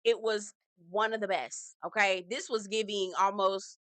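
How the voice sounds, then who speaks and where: A woman recapping a reality show in a sassy, profane, gossipy way, acting out quotes with animated flair. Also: medium pitch, a little slow, no room sound. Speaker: reality TV reviewer. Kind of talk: casual recap vlog.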